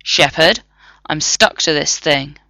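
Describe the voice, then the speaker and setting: A woman doing a gruff, dour warrior man. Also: low-pitched, slow, no room sound, heavily acted. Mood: grim. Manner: dark and terse.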